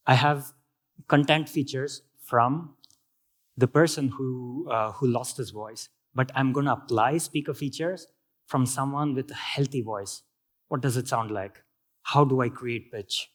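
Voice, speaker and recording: A man with an Indian accent giving a technical conference talk, explaining step by step with frequent fillers and restarts. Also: medium pitch. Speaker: conference speaker.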